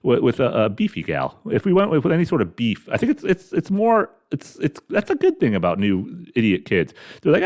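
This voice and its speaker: A man's voice: on the high side, huge pitch swings, brisk, hardly any pauses, a little mellow. A middle-aged man grumbling through a profane, rambling comedic rant as a podcast host, talking carefully after mouth surgery. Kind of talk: ranting comedic monologue.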